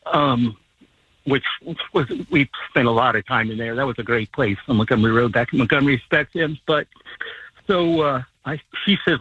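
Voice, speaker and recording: A man calls in to a radio show and tells a story at an easygoing pace, with a lot of fillers along the way. His voice is a little husky. It comes through a tinny phone line that sounds dry and close. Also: mid-range voice, moderate pace, no echo. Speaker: caller. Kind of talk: telling a story on call-in radio.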